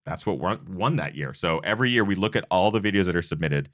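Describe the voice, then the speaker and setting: Deep-voiced man hosting an awards show. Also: expressive, fast, fairly bright tone, no room sound, studio quality. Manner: earnest, rambling with restarts. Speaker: host of a running channel. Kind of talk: casual awards show chat.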